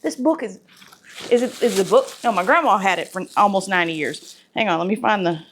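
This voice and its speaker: A woman, chatting to camera as a home cooking vlogger, talkative and sentimental, her voice going soft when she is moved. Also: medium pitch, fairly quick, a little hiss or hum. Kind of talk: casual talk to camera.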